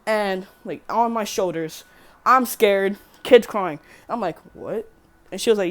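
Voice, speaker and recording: A teenage girl rambles through a casual storytime vlog, swearing freely and correcting herself along the way. Her voice is medium-pitched and unhurried.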